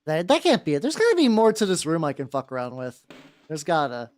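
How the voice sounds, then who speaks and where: A woman streaming a video game playthrough, talking excitedly, swearing freely, and rambling in asides. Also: low voice, fairly quick, faint music behind. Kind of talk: live gameplay commentary.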